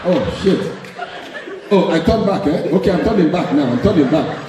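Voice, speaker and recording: A man's voice: a little high, expressive, normal speed, crowd noise, background noise, lightly acted. A man voicing a flustered male pilot chatting on a phone call during a stand-up routine. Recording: echoey live hall, distant mic.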